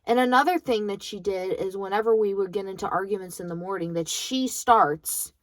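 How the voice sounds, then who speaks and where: A woman's voice: medium pitch, a little fast, no echo. A young woman in college venting bluntly about her grandmother, swearing freely in a bitter monologue. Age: young adult. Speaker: vlogger.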